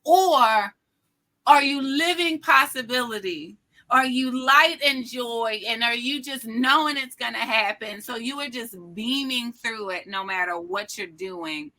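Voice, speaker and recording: A middle-aged woman guest telling an inspirational personal story with an animated, emphatic, preacherly delivery. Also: on the high side, measured pace. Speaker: podcast guest.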